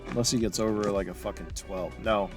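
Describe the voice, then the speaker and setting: A man's voice: on the low side, steady tone, fairly quick, faint music behind. A man running a tabletop game as game master, casual and profane, laughing often.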